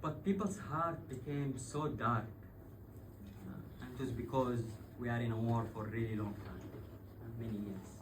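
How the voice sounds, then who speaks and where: A man's voice: medium pitch, normal speed. A man from Yemen telling a personal story on stage, swearing and laughing as he goes. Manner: swearing, laughing, animated retelling. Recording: distant voice with clear background noise.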